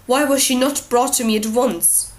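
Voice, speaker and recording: A woman's voice: a little high, fairly quick, natural voice. A woman voicing a stern noble lord and father who speaks firmly and coldly, in an audiobook reading. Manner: firm, cold and commanding.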